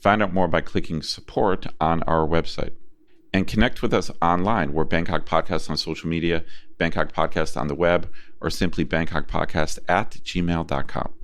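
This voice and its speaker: Deep-voiced easygoing podcast co-host, man. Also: fairly even intonation, moderate pace, a bit bright. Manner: easygoing, reads sponsor thanks. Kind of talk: casual chat and show outro.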